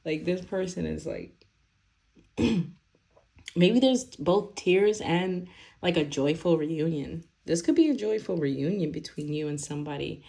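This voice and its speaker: A woman with a low, deep voice gives a casual tarot reading. She rambles and talks loosely, full of fillers and little laughs. She sounds young. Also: warm tone. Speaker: tarot reader.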